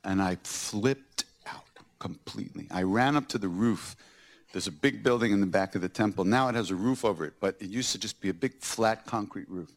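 A man's voice: on the low side, normal speed. A man hosting a podcast, recounting personal stories and acting out the scenes with laughter. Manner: animated, acts out scenes with laughter. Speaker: podcast host.

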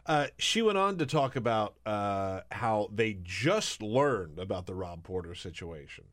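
A man's voice: lowish voice, very animated, a little slow, a bit bright. A man guest-hosting a political podcast, talking casually and sarcastically and laughing often. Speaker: guest host.

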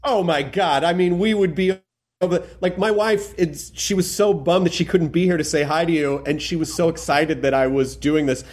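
A man's voice: a little high, normal speed, darkish tone. A man hosting a podcast, chatting effusively and rambling with lots of fillers. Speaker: podcast host. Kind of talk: casual chat.

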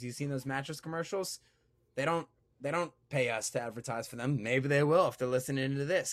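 A man's voice: on the high side, dry recording. A man hosting a sports podcast, reading an ad and chatting casually in a joking, rambling way that keeps interrupting itself. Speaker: podcast host.

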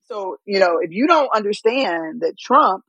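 A woman's voice: mid-range voice, lively intonation, a little slow, fairly bright tone, husky, no room sound, highs cut off. A woman guest giving emphatic political commentary, firing off rhetorical questions. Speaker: guest, political organization CEO.

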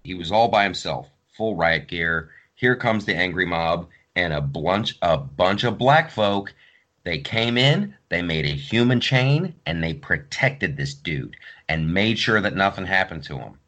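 Male podcast host, deep and very lively, animated storyteller. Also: a little slow. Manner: animated storytelling, acts out quotes. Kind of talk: casual podcast chat.

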